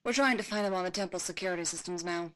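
A woman's voice: lowish voice, rapid-fire, fairly bright tone, a little hiss or hum, lightly acted, poor audio. A woman voicing a nervous, deferential female knight reporting over a comlink. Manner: hesitant, deferential.

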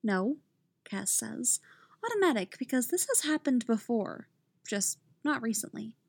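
A woman narrating a story aloud in a calm, even reading voice. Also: on the high side, breathy edge, dry recording. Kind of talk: reading fan fiction aloud.

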